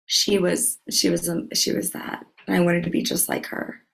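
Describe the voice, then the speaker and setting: A woman's voice: fairly low pitch, level tone, moderate pace, gravelly, low-quality recording. A woman from Louisiana hosting a podcast, chatting casually and telling stories with plenty of fillers. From Louisiana, USA. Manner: chatty storyteller, many fillers. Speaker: podcast host. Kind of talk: casual chat.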